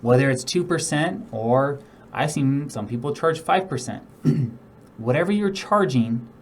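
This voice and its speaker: A man teaches real estate negotiation in a casual, instructional talk, often demonstrating tones and acting out example speakers. His medium-pitched voice has lively intonation and a measured pace, with a slight hiss or hum in the recording.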